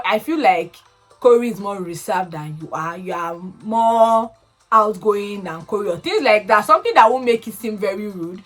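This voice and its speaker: A young woman chatting casually, recapping a reality show with animated, expressive swings into high excited tones.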